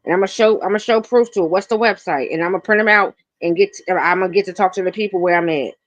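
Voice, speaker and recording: A panelist joins a live stream over a video call with a mid-pitched voice, eager and repetitive. The sound is dry and close, with no room echo. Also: fast, lo-fi sound. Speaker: livestream panelist. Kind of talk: casual chat on a live panel.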